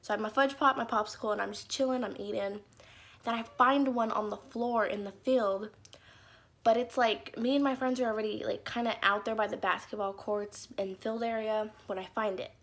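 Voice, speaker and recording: A chatty young woman tells a story-time vlog in a fairly high voice. She talks casually and fills her lines with "like", slipping into little acted quotes from the people in her stories. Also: fairly even intonation, normal speed, a bit bright. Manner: chatty, lots of "like" fillers, acts out quotes. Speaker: YouTuber.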